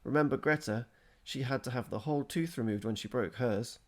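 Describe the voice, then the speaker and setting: A man's voice: medium pitch, brisk, pitched above the performer's own voice, close to an everyday voice. A man voicing a worried, hesitant chubby boy in a storybook reading. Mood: slow, gloomy. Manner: hesitant, complaining.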